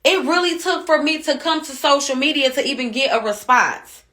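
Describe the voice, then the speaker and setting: A woman's voice: high voice, lively intonation, normal speed, sharp tone. A woman venting as an angry mother in a social media rant, heated and cussing, repeating herself while upset.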